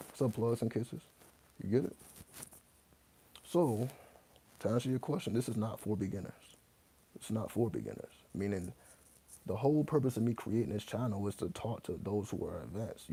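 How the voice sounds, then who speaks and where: Male host, deep dark gravelly voice, AAVE speaker, blunt profane monologue, spells words out loud. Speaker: host answering viewer questions. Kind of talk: casual monologue to camera.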